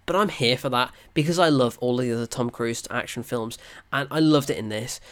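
A reviewer, recapping a film in an excited, animated way, laughing and swearing often. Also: mid-range voice, brisk.

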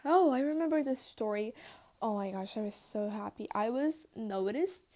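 A teenage girl telling casual storytime anecdotes, chatty and quick to swear and laugh, with lots of "like". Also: fairly high pitch, expressive, warm tone. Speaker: vlogger.

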